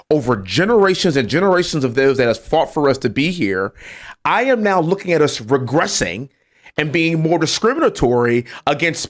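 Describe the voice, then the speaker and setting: A congressman speaking as a podcast guest, earnest and emphatic, telling stories from his own family. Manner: lively, swings between low serious tones and high exclaiming. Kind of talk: casual podcast conversation.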